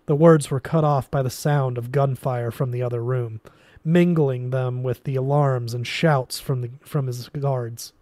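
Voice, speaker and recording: A man reading a novel aloud in a steady storytelling manner, with occasional restarts. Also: mid-range voice, measured pace, dry recording. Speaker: reader.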